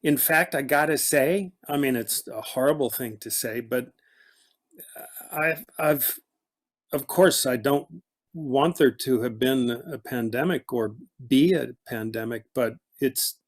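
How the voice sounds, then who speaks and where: This middle-aged man, a guest actor chatting casually, speaks at a medium pitch. His storytelling meanders and stalls, full of false starts.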